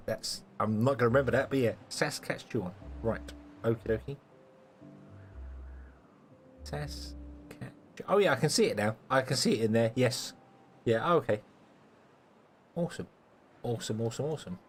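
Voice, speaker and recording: A man's voice: medium pitch, expressive, measured pace, long pauses, soft background music. A man from Britain chatting casually with viewers while streaming a game, joking and stumbling over his words.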